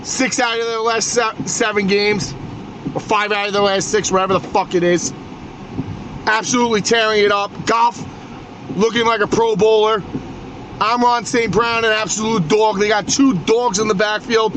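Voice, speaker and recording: High-pitched, profane New sports ranter. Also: male voice, fairly even intonation, normal speed. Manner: profane, agitated ranting with stammered restarts. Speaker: podcast host. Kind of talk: solo sports rant. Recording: noisy background ambience.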